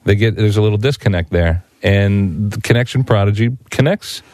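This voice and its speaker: A man's voice: fairly low pitch, normal speed, a little mellow. A man co-hosting a casual radio talk show, enthusiastic and playful. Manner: enthusiastic, playful, chimes in often.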